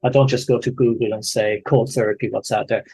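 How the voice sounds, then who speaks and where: Measured Irish man in his forties. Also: mid-range voice, fairly even intonation, a little mellow, breathy edge. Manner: measured and explanatory. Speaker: guest researcher. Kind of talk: podcast conversation. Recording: faint music behind.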